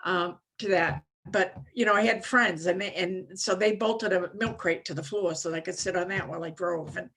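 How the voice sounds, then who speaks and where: A woman's voice: fairly low pitch, normal speed, few pauses, fairly bright tone, husky. A woman in her seventies from Maine telling her recovery story at a conference, rambling and self-mocking, with frequent "you know"s. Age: 70s. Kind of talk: personal recovery story talk.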